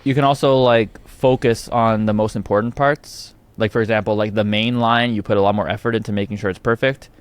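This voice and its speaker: A young Canadian man with an Ontario accent, a guest singer chatting casually in an interview, relaxed and rambling, laughing often. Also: on the low side, a little fast, few pauses, clean tone, no room sound. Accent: Ontario English.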